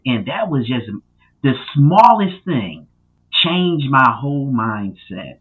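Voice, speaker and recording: A man who is a guest on a podcast, telling his story in a casual, animated way with many fillers and loud acted-out quotes. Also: a little high, moderate pace, husky. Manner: animated, lots of fillers, acts out quotes loudly. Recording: tinny phone-like line.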